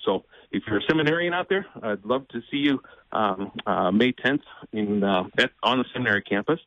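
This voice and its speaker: A man speaking as a guest in an interview, earnest and measured, often pausing with fillers and restarting. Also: lowish voice, no room sound, lo-fi sound. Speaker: ministry president, guest. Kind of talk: conversational interview.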